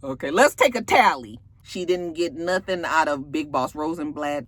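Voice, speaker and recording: A woman's voice: low-pitched, normal speed, hardly any pauses. Sassy woman recapping an episode. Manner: animated, profane, sassy asides with laughs. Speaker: TV episode reviewer. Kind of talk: casual recap vlog.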